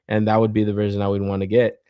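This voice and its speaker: A man's voice: fairly low pitch, completely flat delivery, rapid-fire, clean tone, no room sound, muffled recording. A man hosting a podcast in a casual, rambling chat who laughs a lot and swears constantly. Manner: loose and rambling, with many fillers. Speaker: podcast host.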